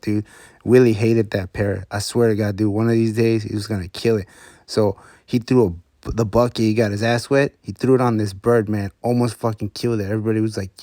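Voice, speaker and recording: A man's voice: medium pitch, darkish tone, no room sound, clean studio sound. A man telling a story in a loose, casual, profane way, full of slang. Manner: slangy, loose, swears a lot.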